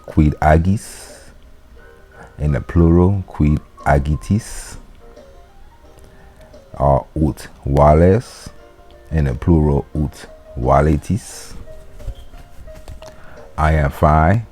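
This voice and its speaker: Very deep, slow-talking man teaching. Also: dark tone, soft background music. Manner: loose, conversational explaining with frequent fillers and restarts. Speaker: Latin teacher. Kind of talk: casual explanatory lesson.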